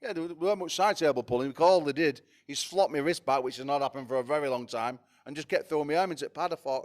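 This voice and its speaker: A man promoting fights at a press conference, excitable, swearing and stumbling over repeated words. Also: a little high, fast talker, few pauses.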